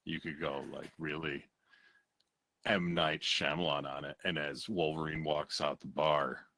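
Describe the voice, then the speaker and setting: A man's voice: extremely low pitch, fairly even intonation, measured pace, bright, forceful tone, dry recording. A man co-hosting a comedy show who tells a story and acts out the characters' lines. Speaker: podcast co-host.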